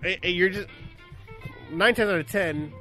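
Animated, cursing man, fairly high voice. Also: normal speed, faint music behind. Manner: profane, animated storytelling with sudden shouted outbursts. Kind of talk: casual podcast chat.

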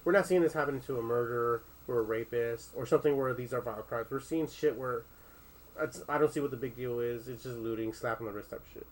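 A man talks loosely in a casual discussion at a middling pitch, circling his point with restarts and fillers. He swears now and then and keeps an easygoing conversational flow. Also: quick pace, rough recording.

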